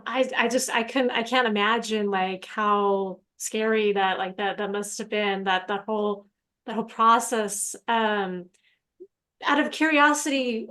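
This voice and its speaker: A woman hosting an interview who speaks haltingly, repeating words as she searches for what to say. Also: on the high side, fairly bright tone. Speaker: host. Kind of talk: interview conversation.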